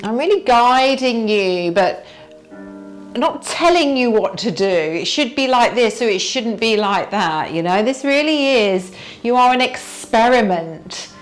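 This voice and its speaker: Woman, yoga teacher, unhurried guidance, slightly high voice, soft questions. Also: animated, faint music behind. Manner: slow, gentle, inviting questions to the listener. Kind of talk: guided yoga class instruction.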